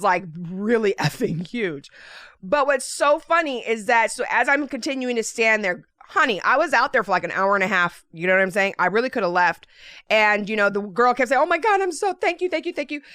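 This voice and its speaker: A woman vlogger telling a story in a casual monologue, animated and profane, often breaking into laughter. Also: on the high side, no echo, clean studio sound. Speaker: lifestyle vlogger.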